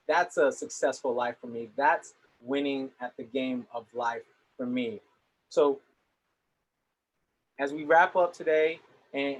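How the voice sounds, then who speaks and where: A man's voice: on the high side, a bit bright, poor audio. A young adult man giving an earnest motivational talk to young people. He often repeats words as he starts his sentences. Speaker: motivational speaker.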